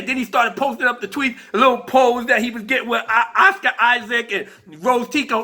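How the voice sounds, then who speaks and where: Male vlogger, animated and profane; very high, sharp and husky. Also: brisk, few pauses. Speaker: vlogger host. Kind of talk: casual rant.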